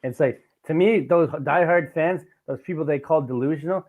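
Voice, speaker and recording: A young man, hosting a podcast and talking excitedly about sports, swearing often. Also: on the high side, normal speed, phone-quality sound. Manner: excited, swears a lot, passionate sports fan. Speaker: podcast host. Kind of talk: casual chat.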